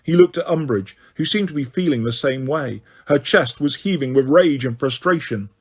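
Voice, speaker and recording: A man reading an audiobook in a steady storytelling way. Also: mid-range voice, moderate pace, slightly rough. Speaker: audiobook narrator. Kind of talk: audiobook narration.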